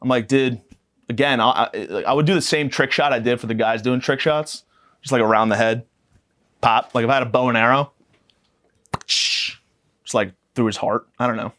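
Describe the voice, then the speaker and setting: A man's voice: medium pitch, moderate pace, long pauses, fairly bright tone. A young man hosting a podcast, delivering a profane, mock-aggressive comedic rant that rambles from point to point. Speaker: podcast host.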